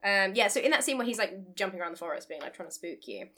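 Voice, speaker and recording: Young woman podcast co-host, quick and bright, bouncy delivery. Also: mid-range voice, lively intonation, a crowd in the background. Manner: fast, laughing, recaps scenes. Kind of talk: casual chat.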